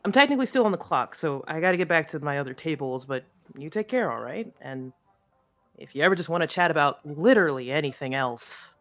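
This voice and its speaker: A man's voice: fairly high pitch, lively intonation, fairly quick, a bit bright. An actor playing a friendly young male stagehand who chats eagerly and casually.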